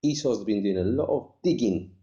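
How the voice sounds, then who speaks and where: A man's voice: lowish voice, expressive, normal speed, mellow. A man in a meandering religious monologue, quoting scripture and mixing in street slang, recorded in an echoey room with dull lo-fi sound.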